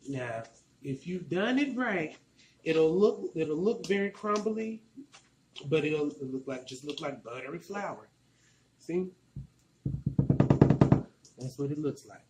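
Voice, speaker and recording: A man's voice: fairly high pitch, expressive, takes it slowly, long pauses, reverberant, noisy background. A man from Arkansas with a Southern accent, rambling casually while he walks through a cooking tutorial in his home kitchen. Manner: chatty, rambling, colloquial. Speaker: cooking vlogger.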